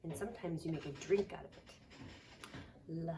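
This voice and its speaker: A woman daycare teacher leading a preschool lesson, speaking in a slow, sing-song way for small children and dropping to soft whispers for surprises. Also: low voice, a little hiss or hum.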